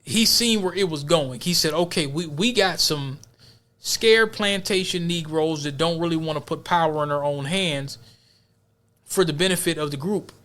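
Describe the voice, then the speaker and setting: A male podcast host talks in an emphatic, preachy way and restarts his sentences often. His voice sits a little high for a man. It is casual commentary that runs on and builds. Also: normal speed, a bit bright.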